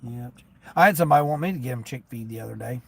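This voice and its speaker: A man's voice: mid-range voice, very fast, gravelly, breathy edge. A man streaming live while doing delivery driving, chatting in a rambling, folksy way and turning down orders aloud. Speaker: delivery driver livestreamer.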